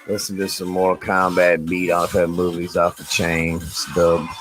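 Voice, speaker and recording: A man with a hoarse, scratchy, deep voice after losing it from yelling, ranting profanely in a casual vlog. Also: monotone, normal speed, soft background music. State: hoarse, lost voice. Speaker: vlogger.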